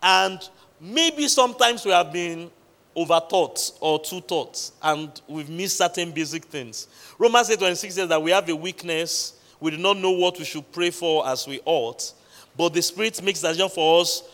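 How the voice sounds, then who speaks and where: A man preaching a midweek sermon, with emphatic pauses, quoting scripture and repeatedly questioning the congregation. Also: on the high side, fairly bright tone. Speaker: pastor. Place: large church hall. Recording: long hall reverb.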